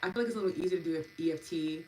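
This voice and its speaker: A woman with a fairly low voice talks very fast while wrapping up a live EFT and meditation stream, reading chat comments, on a low-quality recording with a little hiss or hum. Warm and gushing, she thanks viewers by name, laughs often and uses lots of fillers.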